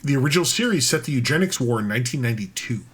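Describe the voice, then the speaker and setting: Casting: male podcast co-host, mid-pitched, rambling and profane, casual chat. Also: very fast, husky. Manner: animated, profane, rambling with restarts.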